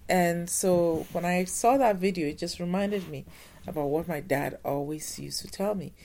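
A woman giving an earnest motivational talk, slowing down to stress her points. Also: on the low side, creaky, mellow.

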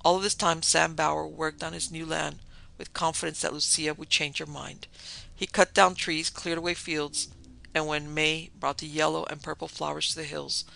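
A man narrating a dark story in a measured, dramatic way. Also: on the high side, vocal fry, low-quality recording.

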